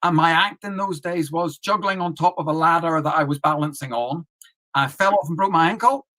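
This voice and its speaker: A man guesting on an online chat show, his voice high for a man. He tells an anecdote in an easy, unhurried, matter-of-fact way. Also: bright, forceful tone. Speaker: guest comedian. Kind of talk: casual interview storytelling.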